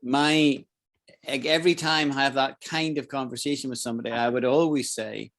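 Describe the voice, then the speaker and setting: A man's voice: medium pitch, fairly even intonation, a bit bright. Scottish man teaching an English lesson. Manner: explains slowly, repeats phrases, checks for understanding. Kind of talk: live online English lesson.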